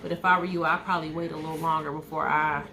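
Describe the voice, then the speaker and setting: This host reads tarot cards live in a low, even voice, talking fast against background noise. She keeps things casual and comforting, frequently checking in with "okay."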